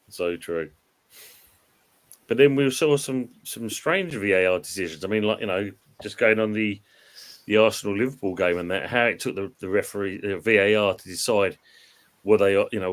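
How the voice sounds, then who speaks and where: A man with a fairly low voice chats casually about football on a live stream, reading viewer comments aloud. He rambles, hesitates over his words and breaks into laughter often. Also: a little fast.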